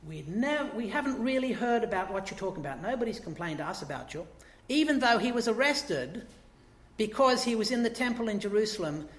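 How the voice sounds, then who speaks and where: A man's voice: high voice, a bit bright. Chatty preacher man in an echoey church. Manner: conversational, asks rhetorical questions, acts out quotes. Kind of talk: sermon.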